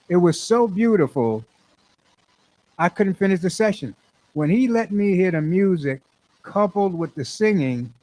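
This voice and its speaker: A singer-songwriter with a highish, darkish voice rambles through a story in a casual monologue, caught on a low-quality recording. He keeps repeating himself, starting over, and acting out the words he said.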